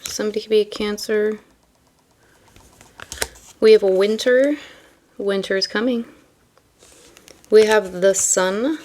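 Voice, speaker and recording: A woman's voice: mid-range voice, a little mellow. A young woman reading tarot and chatting casually, rambling and full of fillers between card meanings. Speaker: tarot reader.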